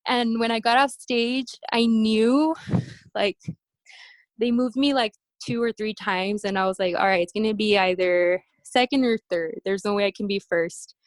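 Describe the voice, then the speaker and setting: A woman telling stories from her competition days in a casual interview, acting out quoted voices with animated high-pitched bursts. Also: normal speed, no echo. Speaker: interview guest, bikini competitor. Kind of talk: casual storytelling.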